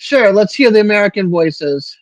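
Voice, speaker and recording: A man's voice: high voice, lively intonation, moderate pace, dry recording, muffled recording. An older man hosting a casual livestream from his apartment, answering viewers by name in a chatty way. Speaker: livestream host.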